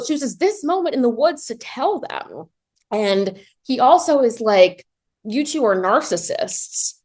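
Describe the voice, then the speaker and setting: A woman giving a casual comedic movie recap, talking in a chatty, animated way with lots of "like" and dry low asides. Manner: chatty and animated, heavy use of "like"; swings between excited high pitch and low deadpan asides.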